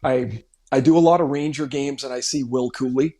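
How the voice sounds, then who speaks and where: A man's voice: medium pitch, steady tone, normal speed, warm tone. Man co-hosting a sports podcast. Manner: thinking aloud with restarts. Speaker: podcast co-host. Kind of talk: casual sports chat.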